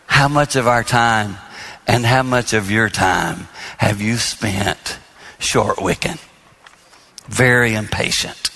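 A man's voice: fairly low pitch, slow, creaky, pushed and bright, long reverb tail. A middle-aged man preaching on marriage, telling stories with self-deprecating humor that turn earnest. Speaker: marriage speaker and minister. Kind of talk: storytelling sermon.

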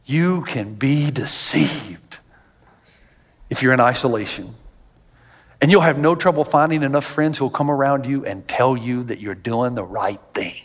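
A man preaching a sermon as a pastor, animated and jokey, telling stories and rising to near-shouts. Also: medium pitch, a little slow, big-room sound.

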